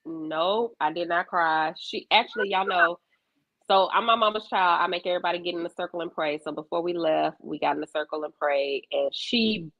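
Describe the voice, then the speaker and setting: A woman, co-hosting a casual podcast chat and telling stories with animated, acted-out quotes. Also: moderate pace. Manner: animated storyteller, voices quotes with big pitch jumps. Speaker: podcast co-host. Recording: dull lo-fi sound.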